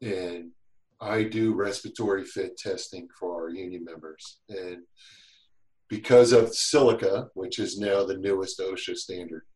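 A man chatting as a podcast guest, telling lively stories and acting out what others said. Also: low-pitched, a little slow, echoey room, low-quality recording. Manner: animated storyteller, acts out quotes. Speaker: guest, safety instructor. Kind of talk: casual podcast chat.

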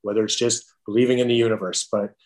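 Middle-aged male guest, lowish voice, halting heartfelt storyteller, restarts a lot. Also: steady tone. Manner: halting, many restarts and fillers. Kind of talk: emotional storytelling in conversation.

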